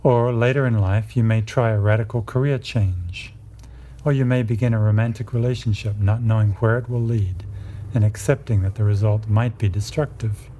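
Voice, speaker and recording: A man with a very dark, mellow and somewhat husky voice, speaking in a low register. He lectures in a measured, explanatory way, walking listeners through ideas step by step. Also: steady tone. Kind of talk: lecture on myth and psychology.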